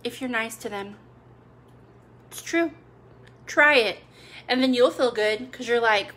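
This cooking channel host, a young adult woman, has a slightly high, somewhat bright voice and a measured pace with frequent pauses. In a casual live video chat, she talks to her viewers and drops in playful asides.

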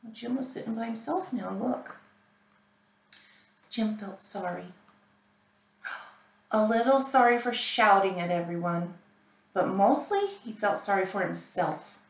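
Librarian lady reading a kids book, slow and bouncy, echoey and far off. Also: mid-range voice, creaky. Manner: animated, asking listeners questions. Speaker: children's librarian. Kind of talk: reading a picture book aloud to children. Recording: roomy, mic at a distance.

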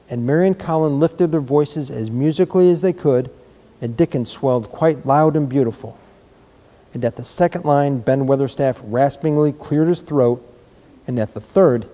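A man reading a children's novel aloud in a measured, gentle storytelling manner. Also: medium pitch. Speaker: reader.

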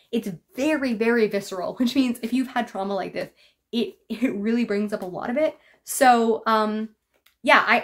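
A woman book vlogger chatting casually through a book haul, full of filler words and laughing asides. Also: a little high.

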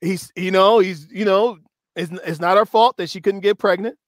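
A man hosting a casual talk show with a notably high-pitched voice. He is lively and laughs often, and stretches quoted phrases slowly for effect. The sound is close and dry. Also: no echo. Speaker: host. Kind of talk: casual discussion chat.

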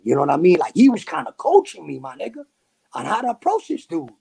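A man from New City, telling a story as a podcast guest in animated street slang with sound effects. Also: sits high, quick pace, gravelly. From New York City. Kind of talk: casual storytelling.

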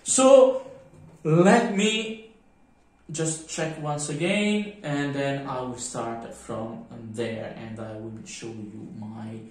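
A man with a French accent walks through a hands-on tutorial, pausing and searching for words as he works. His delivery is unhurried and at a middle pitch. The sound is roomy and distant, as if he stands away from the mic in a bare workshop. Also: darkish tone. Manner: halting, thinking aloud while working. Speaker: miniature painting tutor. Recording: echoey room, mic at a distance.

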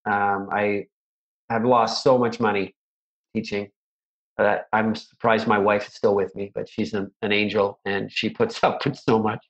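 A man's voice: fairly low pitch, level tone, measured pace, muffled recording. A middle-aged man, a martial arts instructor, telling stories in a casual interview, rambling and self-deprecating with many restarts.

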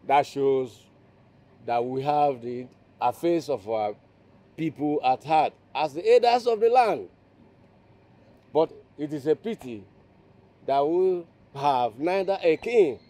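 An actor playing a solemn village elder speaking gravely to a council. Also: male voice, fairly high pitch, dark tone. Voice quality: slow, grave.

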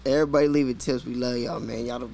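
A man's voice: mid-range voice, steady tone, fast talker, vocal fry, a little mellow, a little hiss or hum. Hyped-up co-host man, faint ambience. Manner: hype, profane backing chatter. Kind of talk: casual chat.

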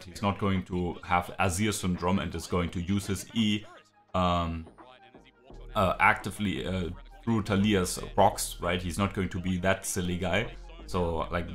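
A man's voice: low voice, a bit bright. Ranting man reacting to a match. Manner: frustrated, swearing, ranting with many fillers. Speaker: esports reaction streamer. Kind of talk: live game reaction commentary.

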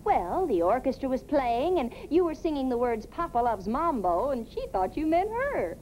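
An actress playing a quick-witted young woman who teases her father in a sarcastic 1950s sitcom style. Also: high-pitched, very animated, darkish tone, slight background noise, poor audio. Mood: mocking. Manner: teasing, sarcastic. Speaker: daughter in a sitcom.

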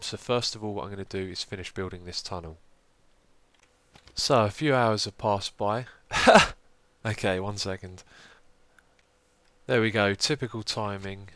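Deep-voiced man with groggy morning voice. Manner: steady, explanatory, frequent ums. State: groggy morning voice, deeper than usual. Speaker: let's play host. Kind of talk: casual gameplay commentary.

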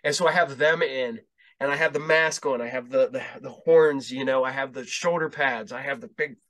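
Bright-voiced man telling rambling stories. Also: mid-range voice, moderate pace. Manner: rambling anecdotes with profanity and quoted dialogue. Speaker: podcast host. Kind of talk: casual storytelling chat.

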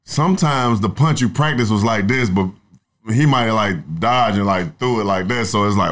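A young adult songwriter in casual podcast talk, rambling through stories with plenty of profanity. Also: male voice, fairly low pitch, normal speed, fairly bright tone. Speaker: songwriter guest.

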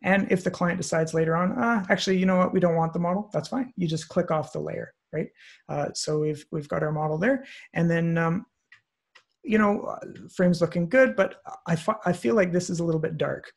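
A man walking through a photo compositing tutorial on screen, relaxed and thinking aloud with many fillers. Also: on the high side, moderate pace, gravelly. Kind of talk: screen-share software tutorial. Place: online presentation, recorded at his computer.

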